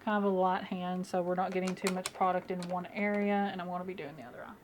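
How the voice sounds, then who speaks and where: A woman's voice: lowish voice, flat delivery, fast, darkish tone, slight background noise. A young woman vlogging casually as she does her makeup, chatty and rambling with many fillers, at home. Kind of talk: casual get-ready-with-me chat.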